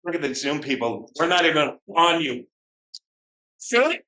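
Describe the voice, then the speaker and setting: With a camera tracking him through the room, a man tells his recovery story as an alumni speaker at a meeting, being frank, profane and mocking himself. His voice is on the high side and very animated, a little slow, with a sharp tone. The audio is poor.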